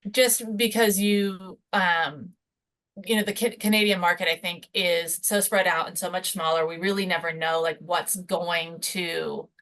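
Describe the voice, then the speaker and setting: Woman hosting a webinar, lower voice. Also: steady tone, unhurried, fairly bright tone. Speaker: webinar host. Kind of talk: casual webinar moderation.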